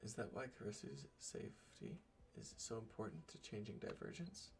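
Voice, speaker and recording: A man reading a visual novel's narration aloud in a measured, subdued way. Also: lowish voice, big pitch swings, vocal fry, a little hiss or hum.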